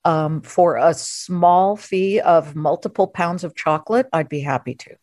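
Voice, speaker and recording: A woman hosting a podcast interview, chatty and playful with quick asides. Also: fairly low pitch, darkish tone, no room sound, studio quality. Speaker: podcast host. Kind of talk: casual interview chat.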